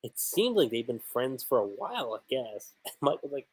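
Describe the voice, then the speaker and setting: A man's voice: medium pitch, big pitch swings, normal speed, darkish tone, husky, poor audio. A man hosting a casual livestream manga chapter review. He thinks aloud, restarts often and laughs.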